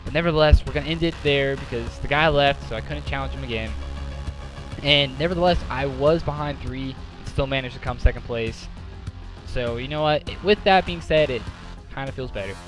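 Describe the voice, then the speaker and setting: A man giving casual gameplay commentary in an excitable way, breaking into exasperated outbursts. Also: medium pitch, a little fast. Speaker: gaming commentator. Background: game music and sounds.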